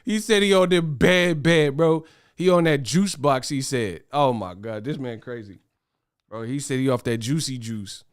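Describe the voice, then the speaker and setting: A young man hosting a boxing commentary livestream, talking fast in slang, excitable and laughing as he reads viewer chat. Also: mid-range voice, clear, resonant tone, dry recording, clean studio sound. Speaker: boxing commentary show host.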